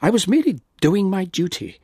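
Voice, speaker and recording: A man voicing an earnest, kindly male head of state in a story reading, a touch higher than his narration. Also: big pitch swings, fairly quick, dark tone, slightly rough, dry recording, clean studio sound, full character voice.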